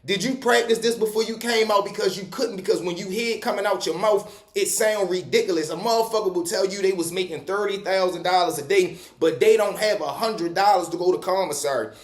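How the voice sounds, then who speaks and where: A man's voice: sits high, brisk, hardly any pauses. A man telling a prison story in casual street slang, swearing freely. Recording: echoey room.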